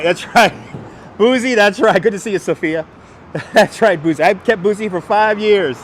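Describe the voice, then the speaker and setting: A middle-aged man from New York with a light New York accent, chatting to viewers and answering their comments as he walks city streets, on a wireless clip-on mic. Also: high voice. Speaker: livestreamer. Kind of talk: walking livestream chat. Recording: faint street noise outdoors.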